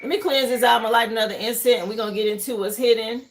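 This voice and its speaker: High-voiced woman reading tarot live. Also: steady tone, rapid-fire, slight background noise, rough recording. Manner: chatty, greets viewers, thinks aloud over the cards. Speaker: tarot reader hosting a live stream. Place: home livestream setup, burning incense.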